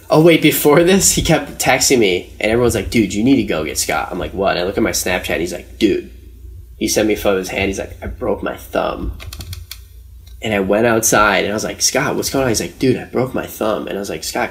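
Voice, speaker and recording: A young man telling a rambling story in casual podcast chat, with lots of slang and fillers. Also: on the low side. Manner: rambling, slangy, says "dude" and "like" often.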